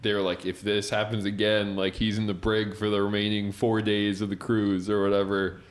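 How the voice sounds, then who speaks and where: At normal speed and with little movement in pitch, a young man with a lowish voice rambles through a lengthy story. He's a podcast co-host in his twenties, chatting casually and leaning hard on the filler "like".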